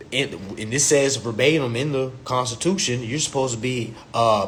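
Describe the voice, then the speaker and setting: A man holding forth on a phone livestream, his voice sitting a bit high and swinging widely up and down as he rants. He talks in loose, profane street slang and keeps slipping into acted-out exchanges. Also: a little hiss or hum. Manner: animated, profane street slang, acts out little dialogues. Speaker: host of a livestream. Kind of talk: casual livestream rant.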